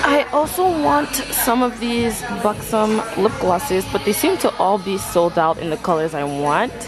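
A young woman from Montreal, Canada, rambling casually to her camera as a vlogger, swearing now and then. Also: fairly low pitch. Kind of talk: casual vlog chat.

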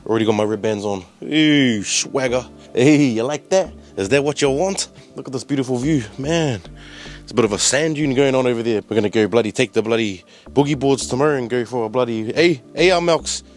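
A man's voice: medium pitch, brisk, soft background music. A young man with a New Zealand accent, vlogging casually from a holiday trip and joking slangily with his mate. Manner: joking, slangy banter with frequent laughs. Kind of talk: casual travel vlog.

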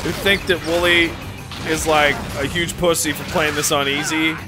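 A man co-hosting casual gaming commentary, excitable and profane, jumping to shouts. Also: a little high, moderate pace. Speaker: let's play co-host. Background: game music.

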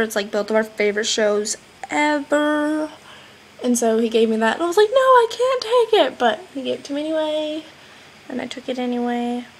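This teenage girl, seventeen, talks in a fairly high but darkish voice while vlogging casually at home. She's chatty and bubbly, drifting from point to point with plenty of "like," and her laptop mic picks up a slight hiss or hum.

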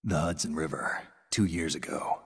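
An actor playing a gruff veteran male soldier who narrates a mission in a video game cutscene, speaking in a low, husky, gravelly voice. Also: fairly even intonation, moderate pace, full character voice. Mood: grim. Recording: game audio with long reverb.

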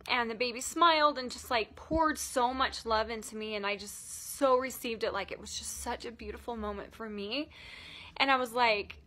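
Bright-voiced tearful woman telling a story. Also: on the high side. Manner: emotional, halting, many "like" fillers. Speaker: vlogger. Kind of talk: personal storytelling vlog.

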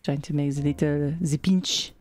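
A woman's voice: sits low, fairly even intonation, normal speed, darkish tone. A young woman streaming a game, chatting playfully and slipping into a joking mock French accent. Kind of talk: casual gameplay commentary.

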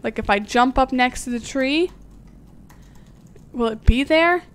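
A young woman with a high, bright-pitched voice, chatting casually on a game livestream. She giggles often and thinks aloud as she plays, and her talk is loose and chatty. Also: unhurried, smooth.

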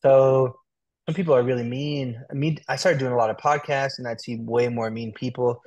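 A young adult man as an interview guest, talking in a relaxed, chatty way full of "like" and "dude". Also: mid-range voice, moderate pace, dull audio. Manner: relaxed, talkative, fillers like "like" and "dude". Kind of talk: casual interview.

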